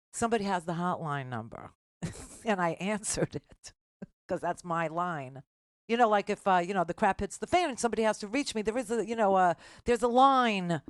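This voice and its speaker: A woman's voice: medium pitch, no room sound, clean studio sound. An older woman hosting a radio talk show, rambling and self-deprecating, laughing often through an emotional farewell with callers.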